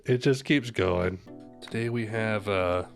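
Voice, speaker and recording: A young man with a fairly low voice chats casually, wandering from point to point and correcting himself mid-sentence. He drops joking asides as he goes. Music plays faintly behind him. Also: takes it slowly, gravelly. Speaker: music reaction streamer. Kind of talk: casual chat.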